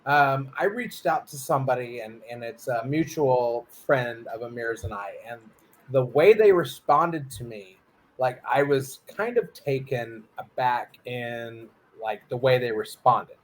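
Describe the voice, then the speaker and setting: A man's voice: medium pitch, unhurried. A man co-hosting a casual chat, telling a long story and acting out the quotes along the way. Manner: rambling, storytelling with acted quotes. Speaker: co-host.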